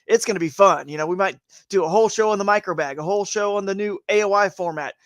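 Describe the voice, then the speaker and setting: A man's voice: high-pitched, quick pace, no room sound. A man co-hosting a live fishing show, chatting casually and rambling with frequent restarts. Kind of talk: casual live-stream chat.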